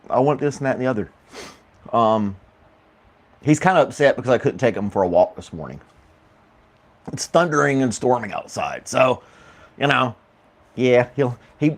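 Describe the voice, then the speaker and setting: Casual morning host, an American man at home, rambling with lots of ums and quick laughs. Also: mid-range voice. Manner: rambling, laughs often, many fillers. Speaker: morning talk show host. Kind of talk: casual chat with live chat viewers.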